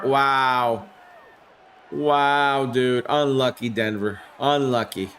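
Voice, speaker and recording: Calling a simulated game live on stream, this man jumps up for the big plays and trades loose banter with chat. He speaks slowly in a medium-pitched voice that is bright, forceful and smooth.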